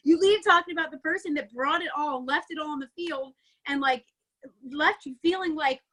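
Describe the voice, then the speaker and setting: High, bright, excitable woman coach. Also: moderate pace. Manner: excitable, chatty, lots of "like" and "right?". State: a bit out of breath from excitement. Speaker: network marketing team coach. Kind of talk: energetic motivational training talk.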